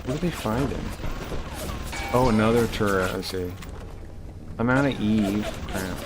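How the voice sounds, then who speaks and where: A man's voice: lowish voice, unhurried, over music. A man streaming live, ranting heatedly and swearing as he rambles and restarts his sentences while playing a game.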